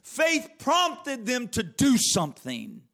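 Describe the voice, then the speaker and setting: A man's voice: very high voice, wildly swooping pitch, takes it slowly, gravelly, fairly bright tone. A man preaching a sermon, reading scripture aloud and stressing key phrases with emphatic repetition.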